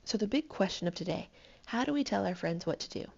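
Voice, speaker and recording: A woman's voice: mid-range voice, animated, quick pace, creaky, darkish tone, highs cut off. A woman teaching a recorded Spanish lesson to her students, patient and explanatory, counting syllables aloud.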